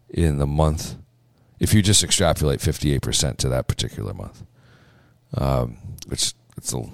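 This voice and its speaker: A man's voice: very deep voice, a little mellow, no echo, studio quality. A man hosting a political podcast, talking off the cuff with fillers, restarts and emphatic repeated phrases. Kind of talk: casual political commentary.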